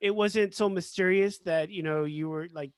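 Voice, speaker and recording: A man with a notably high voice chats on a podcast, scattering "like" through his sentences. The sound is dry and close, with no room echo. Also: moderate pace, clean tone. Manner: chatty, with lots of "like". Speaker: podcast co-host. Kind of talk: casual chat.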